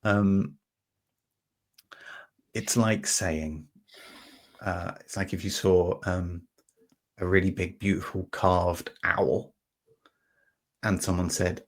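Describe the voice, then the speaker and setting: A man hosting a podcast, talking through an idea in a relaxed, meandering way, with lots of fillers and restarts and homely everyday examples. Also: low-pitched, slow, long pauses. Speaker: podcast host. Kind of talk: reflective conversational explanation.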